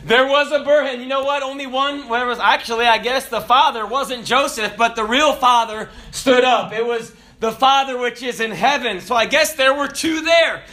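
A man in his forties delivers an animated sermon with a very high, bright voice. He swings from shouted declarations down to low, quiet asides. His tone stays ringing and forward throughout. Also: normal speed, few pauses. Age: 40s. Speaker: pastor.

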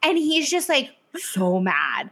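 A woman's voice: high-pitched, slow pace, creaky. A woman co-hosting a casual chat show, recapping a TV series with lots of laughs and fillers. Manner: animated, chatty, laughs often, many fillers. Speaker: podcast co-host.

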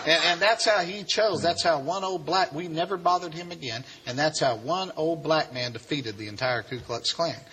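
A man spins a story for a live crowd, folksy and animated, slipping into the voices of the people in it. His voice sits a little high and rings bright and forceful. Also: normal speed, few pauses, slight background noise. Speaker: speaker telling his life story.

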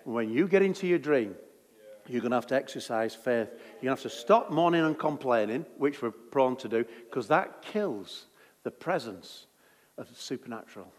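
A man's voice: mid-range voice, lively intonation, moderate pace, in a large hall. A man preaching a sermon in a jokey, conversational way.

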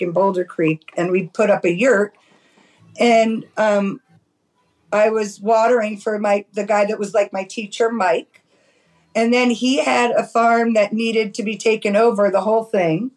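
A middle-aged woman from New York City, a cannabis farmer telling stories in a chatty, animated way as a podcast guest. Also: medium pitch, unhurried, poor audio. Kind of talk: casual storytelling.

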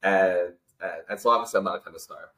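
A man's voice: low voice, quick pace, bright, forceful tone, roomy sound, poor audio. A young man in his twenties, a guest telling a personal story in an earnest, emotional way with many fillers. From Canada. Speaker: interview guest.

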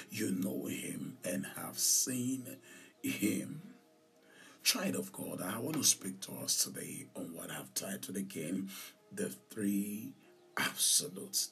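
A man who is a pastor and podcast host, preaching a sermon slowly and emphatically, repeating key lines and dropping into whispers. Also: low-pitched, vocal fry, fairly bright tone, recorded from a distance.

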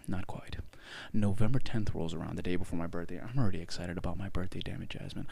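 A young man co-hosting a podcast, ranting in an exaggerated, profane, animated way. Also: low voice, moderate pace, vocal fry, breathy edge, no echo. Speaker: podcast co-host. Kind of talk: casual chat, ranting complaint.

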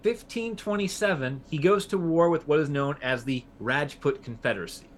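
A man's voice: a little high, normal speed, a little hiss or hum. A man co-hosting a history podcast, telling the story casually with fillers and restarts. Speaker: podcast co-host.

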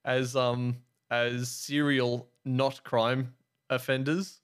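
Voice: mid-range voice, little pitch movement, extremely slow, clear, resonant tone. A podcast co-host in casual chat, bantering in a playful, jokey way.

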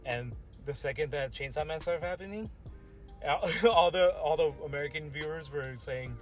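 A man's voice: a little high, moderate pace, faint music behind. A young man co-hosting a casual podcast chat, slangy and swearing, laughing often. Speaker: podcast co-host.

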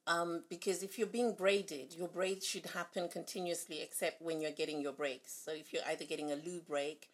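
A woman's voice: fairly low pitch, moderate pace, few pauses. A woman hair stylist co-hosting a casual chat, telling stories animatedly with frequent restarts. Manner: animated storyteller, acts out quotes, frequent restarts. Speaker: hair stylist and podcast co-host.

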